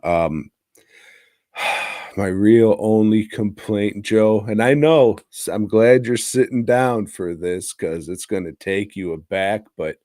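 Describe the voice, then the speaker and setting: A man's voice: on the low side, slow pace, a little mellow, dry recording, clean studio sound. A man co-hosting a movie podcast, recapping a film in crude, jokey casual chat and breaking into silly voices. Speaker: podcast co-host.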